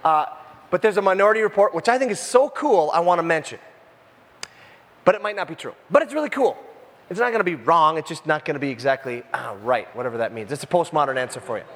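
High-pitched guy preaching, chatty and lively, big echoey church room. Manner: animated, conversational with jokey asides. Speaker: pastor. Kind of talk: sermon.

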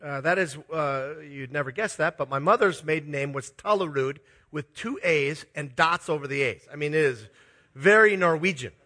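Husky high-voiced Minnesotan pastor. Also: male voice, moderate pace, sharp tone. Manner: self-deprecating, confessional, chuckling storyteller. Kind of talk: sermon with personal storytelling.

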